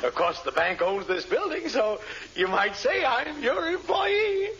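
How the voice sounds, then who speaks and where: An obsequious, easily flustered shopkeeper in 1940s radio comedy style. The voice is high and bright, with wide swings in pitch. It comes through a dull old broadcast. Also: male voice, big pitch swings, unhurried, a little hiss or hum, full character voice. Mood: fawning. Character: fawning, nervous middle-aged male shopkeeper.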